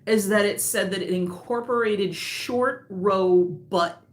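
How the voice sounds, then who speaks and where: A woman's voice: medium pitch, takes it slowly, hardly any pauses, reverberant. A woman who designs knitting patterns, hosting a live stream in casual chat that wanders off on tangents, laughing often.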